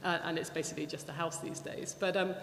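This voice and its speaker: A woman giving an anecdotal talk to an audience, chatty and animated, often restarting her sentences. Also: on the low side, fast. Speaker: guest speaker at a public talk. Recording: echoey hall, faint background noise.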